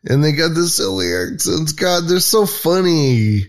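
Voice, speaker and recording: A man's voice: on the high side, very animated, unhurried. A man hosting a podcast, talking in loose, profane, mocking casual commentary with lots of restarts. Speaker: podcast host.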